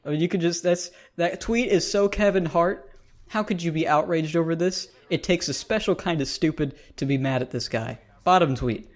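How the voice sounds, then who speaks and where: Male vlogger, sarcastic and exasperated, fairly high voice, casual reaction rant. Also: fairly quick. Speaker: YouTube commentator.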